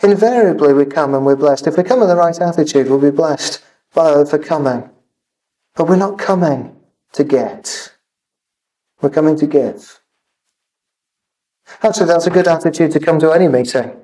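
Earnest male preacher, high-pitched, halting delivery, miked from a distance. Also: mellow. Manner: earnest, halting with repeated fillers. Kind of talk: sermon.

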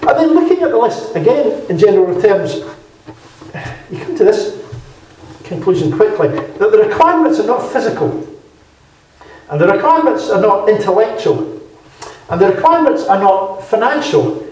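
Brief: male preacher, lively pitch, Bible-teaching sermon, distant mic in a booming hall. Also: slight background noise. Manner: measured, emphatic, repeating key phrases. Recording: very echoey hall, speaker far from mic.

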